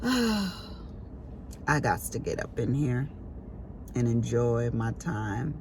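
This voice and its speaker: Lively middle-aged woman chatting to viewers. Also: extremely low pitch, drawn-out words, background noise. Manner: animated storytelling with sharp exclaimed quotes. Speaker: vlogger. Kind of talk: casual chat to camera.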